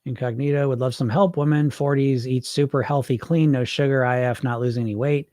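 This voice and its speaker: A man's voice: mid-range voice, steady tone, fairly quick, warm tone, no room sound. A man who works as a weight loss coach, talking casually and emphatically, answering viewer questions with many rhetorical questions. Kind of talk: casual live Q&A coaching talk.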